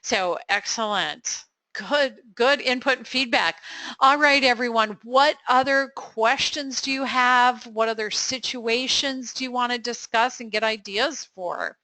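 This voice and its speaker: Bright, upbeat woman coaching instructor. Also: fairly high pitch, no echo. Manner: upbeat and encouraging, quick affirmations, frequent fillers. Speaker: coaching instructor hosting a webinar Q&A. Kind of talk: live webinar Q&A.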